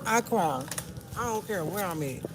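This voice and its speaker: A woman's voice: mid-range voice, animated, normal speed. A middle-aged woman, talking candidly and emotionally to her live-stream viewers in a corner store. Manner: candid, emotional, talks to chat and shop staff. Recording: noisy store with traffic.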